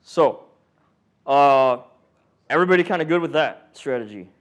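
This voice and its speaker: Guy teaching medics, jokey and animated, fairly high voice, acts out little scenes. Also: moderate pace. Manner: joking, animated, acts out patient and monitor voices. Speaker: paramedic instructor. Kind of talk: classroom teaching. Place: training classroom.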